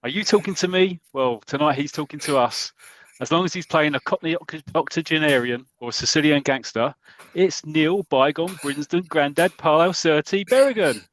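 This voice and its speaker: A man's voice: fairly high pitch, normal speed, fairly bright tone, slight background noise, rough recording. British man hosting with jokey intros. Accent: British English. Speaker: podcast host. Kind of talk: casual chat, comic introductions.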